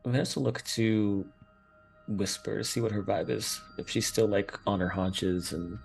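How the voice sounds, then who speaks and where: A man's voice: fairly low pitch, steady tone, a little slow, gravelly, soft background music. A man playing a tabletop game, casually describing his character's actions. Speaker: player.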